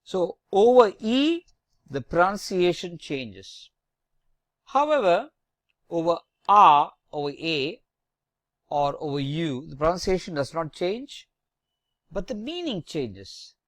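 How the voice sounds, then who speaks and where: A French teacher giving a slow, deliberate lesson, spelling out each letter with careful emphasis. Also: medium pitch, big pitch swings, dry recording, studio quality.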